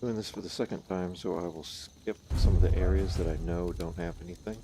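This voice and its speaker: A man's voice: low-pitched, steady tone, fairly quick, noisy background. A man streaming himself playing a VR game, chatting casually in an offhand, rambling way with the odd swear word. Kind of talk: casual gameplay commentary.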